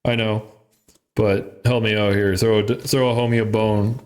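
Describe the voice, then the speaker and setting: A man's voice: on the low side, level tone, normal speed, darkish tone. A man hosting a podcast in casual chat, loose and profane, laughing often. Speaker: podcast host.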